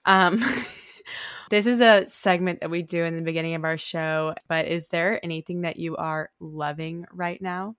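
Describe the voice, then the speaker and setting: Woman, podcast host, casual chat, lively, excitable, dry close sound. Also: lowish voice, unhurried, no echo.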